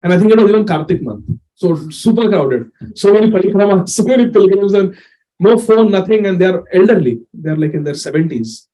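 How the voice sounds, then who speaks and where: Male sermon speaker, fairly high pitch, mellow tone, chatty storyteller who laughs a lot. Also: animated, brisk. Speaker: speaker giving a scripture discourse.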